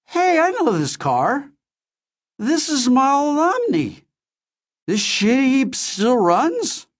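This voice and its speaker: Man voicing a drowsy injured father, slurred speech, slow and high-pitched, audiobook character. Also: huge pitch swings, heavily acted. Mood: dazed. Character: dazed injured middle-aged father slurring on pain meds.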